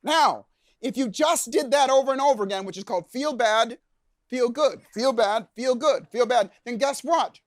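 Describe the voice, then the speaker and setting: A high-voiced man speaks at a live seminar, animated and coaxing as he acts out shouts and gasps. His sound is dry and close, with little room around it. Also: moderate pace, no echo. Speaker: keynote speaker. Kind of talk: motivational seminar talk. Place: event lounge before a live audience.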